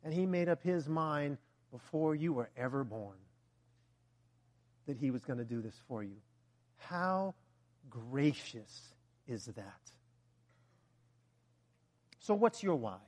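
A man preaching a sermon, animated and joking, firing rhetorical questions at the congregation and breaking into loud bursts. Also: mid-range voice, takes it slowly, long pauses.

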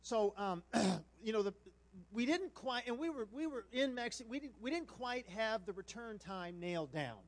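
A middle-aged male pastor telling a humorous story in a sermon, animated and self-mocking, acting out what people said. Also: very high voice, normal speed.

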